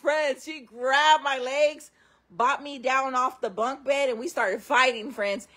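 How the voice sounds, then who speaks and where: A woman's voice: high-pitched, steady tone, takes it slowly, pushed and bright. A woman telling her own stories to camera in casual, candid talk, often calling her viewers friends. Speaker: storyteller host.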